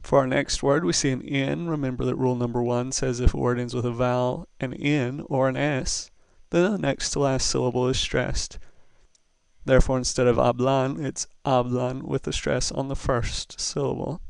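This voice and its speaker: A man gives a recorded lesson in a slow, patient and methodical way. His voice is gravelly but smooth and resonant. The sound is dry and close to the mic. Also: medium pitch, steady tone, no room sound. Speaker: Spanish teacher.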